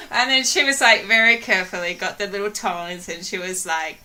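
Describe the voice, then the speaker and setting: A woman's voice: medium pitch, steady tone, moderate pace, hardly any pauses, bright, forceful tone. A woman vlogger telling rambling, giggly stories in casual chat, full of "like". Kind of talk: casual storytelling.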